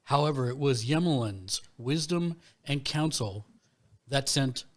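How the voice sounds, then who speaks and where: A man's voice: mid-range voice, expressive, a little slow. Man declaiming his character's titles. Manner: grandiose, formal declaration. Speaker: player. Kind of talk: in-character roleplay speech.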